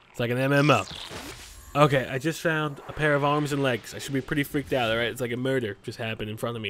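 A man's voice: mid-range voice, a bit bright, a little hiss or hum. A young man casually commenting while playing a video game, joking, reading on-screen prompts aloud and talking to his creature. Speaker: gaming YouTuber. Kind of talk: let's play commentary.

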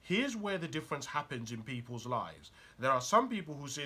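A man gives a motivational talk in a bright, slightly husky voice. His pitch swings widely as he presses the listener with one probing question after another. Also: sing-song, normal speed, few pauses. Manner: urgent and probing, fires rhetorical questions at the listener. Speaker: motivational speaker and author.

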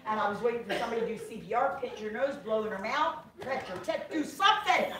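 An older woman giving a humorous personal testimony at a conference, an animated storyteller who acts out the people in her story. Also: on the high side, quick pace. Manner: animated storyteller acting out quotes. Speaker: conference speaker. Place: large conference hall. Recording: roomy hall, distant mic, loud audience. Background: audience laughter.

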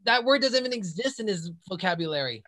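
A man with a bright, slightly high voice hosts a podcast. He chimes in with short, affirming remarks to back up his guest. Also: animated, quick pace. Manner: affirming interjections. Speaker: podcast host. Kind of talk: casual podcast chat.

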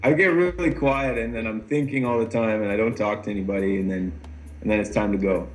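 Easygoing Canadian man, relaxed answers. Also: on the low side, quick pace. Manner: easygoing, laughs often, many fillers. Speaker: pro mountain bike rider. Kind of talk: casual interview answers.

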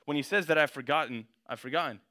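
A man's voice: on the high side, quick pace, pushed and bright. A young man giving a casual sermon, slangy and conversational, reading scripture with rising intensity.

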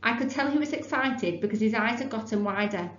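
A woman teacher reading a children's book aloud in a clear, expressive storytelling voice. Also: fairly high pitch, a little fast, slight background noise. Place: classroom. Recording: roomy, dull lo-fi classroom recording.

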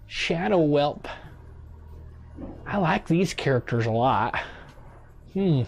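A man's voice: a little high, lively intonation, slow, gravelly, faint music behind, heavily acted. A man doing a rambling older statesman gamer. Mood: chatty. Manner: rambling, muttering to himself while picking cards. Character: rambling older male statesman, touchy and self-assured. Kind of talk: comedic gaming commentary in character.

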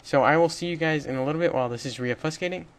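A man's voice: a little high, very fast. A young man hosting a casual screen-recorded coding tutorial, rambling and correcting himself as he goes. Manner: rambling, self-correcting, chatty with little laughs. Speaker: tutorial host.

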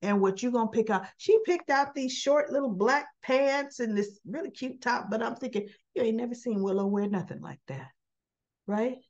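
A woman's voice: a little high, moderate pace, a little mellow, dull audio. Chatty woman recapping a soap. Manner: chatty and informal, acting out characters' lines; laughs often while talking. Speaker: soap opera recap vlogger. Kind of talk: casual episode recap.

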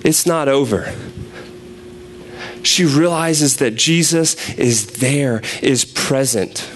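A man's voice: mid-range voice, slow, a little hiss or hum. Conversational man preaching a sermon. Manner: conversational, animated storytelling with restarts.

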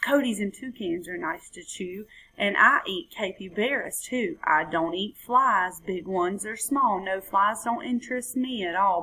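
A woman doing a slow, purring jaguar. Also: mid-range voice, pushed and bright, slightly rough, full character voice, poor audio. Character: smug hungry male jaguar, purring.

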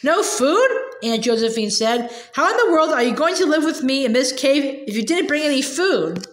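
Fretful, grammar-obsessed old aunt, high and prim; woman reader puts her on; roomy sound. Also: big pitch swings, normal speed, a little hiss or hum. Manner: whiny, prim, scolding. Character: fussy fearful older aunt, grammar-obsessed. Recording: roomy echo.

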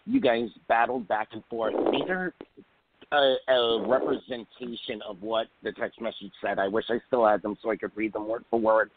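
A man's voice: on the low side, normal speed, slight background noise. A man hosting a radio interview, asking long, earnest, rambling questions. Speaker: radio show host. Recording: phone-like call line.

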